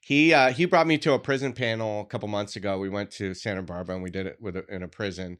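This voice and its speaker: Easygoing low-voiced podcast co-host. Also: male voice, fairly even intonation, fast talker, fairly bright tone, smooth. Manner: easygoing, laughs often. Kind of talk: casual podcast chat. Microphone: studio microphone.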